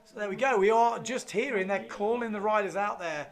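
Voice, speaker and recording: A man with a fairly high voice talks viewers through a live race. His manner is loose and chatty, with plenty of fillers as he reads out placings. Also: fairly quick. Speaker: race commentator. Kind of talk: live sports commentary.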